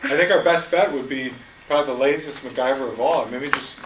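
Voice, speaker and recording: A man giving an unprepared answer at a club meeting, rambling and poking fun at himself between pauses. He sounds distant from the mic, in a room with a roomy echo and steady noise. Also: medium pitch. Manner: rambling, self-deprecating, hesitant. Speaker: impromptu speaker. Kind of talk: impromptu speech.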